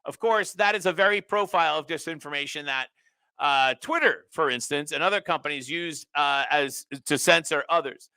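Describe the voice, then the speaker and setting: A man's voice: fairly high pitch, moderate pace, pushed and bright, clear, resonant tone, no room sound. A man hosting a show, talking through a political commentary monologue, reading quotes aloud and adding mocking, sarcastic asides. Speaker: host.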